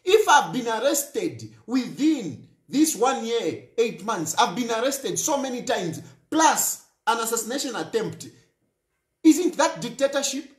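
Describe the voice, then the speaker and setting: A man's voice: very high-pitched, very animated, unhurried, roomy sound. A Zambian man hosting a talk show, speaking in an impassioned political monologue and repeating phrases for emphasis.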